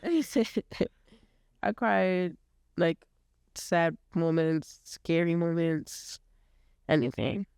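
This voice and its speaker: Teasing teenage girl, smooth voice. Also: on the low side, extremely slow, long pauses, a little mellow, dry recording, clean studio sound. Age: late teens. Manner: teasing, giggly. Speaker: podcast co-host. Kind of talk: casual chat.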